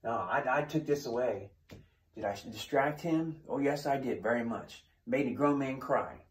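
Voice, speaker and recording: A man's voice: medium pitch, normal speed. A male defensive tactics instructor telling a story as a lesson, plain-spoken, asking questions and answering them himself. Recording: echoey room.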